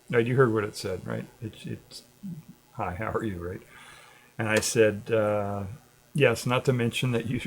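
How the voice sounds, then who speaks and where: There's a little hiss or hum behind this middle-aged livestream host's lowish voice. He rambles casually, drifting from topic to topic with a laid-back manner and plenty of chuckles.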